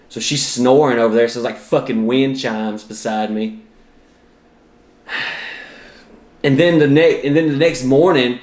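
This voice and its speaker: A man's voice: mid-range voice, reverberant. A man, hosting a podcast and telling comic stories in a profane, exaggerated, self-mocking way. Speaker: podcast host and comedian. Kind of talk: comedic storytelling monologue.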